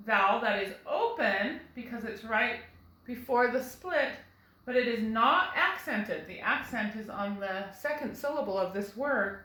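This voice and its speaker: A woman's voice: on the high side, sharp tone, roomy sound, rough recording. A first grade teacher, a woman, giving a recorded phonics lesson, patiently sounding out words for young children.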